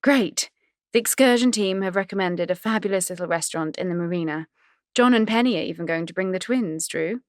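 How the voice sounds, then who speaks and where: A woman's voice: lowish voice, a little fast, dry recording, clean studio sound, lightly acted. A woman narrator voicing a chirpy, pushy woman who gushes over everyone on a cruise. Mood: bubbly. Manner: chirpy, effusive.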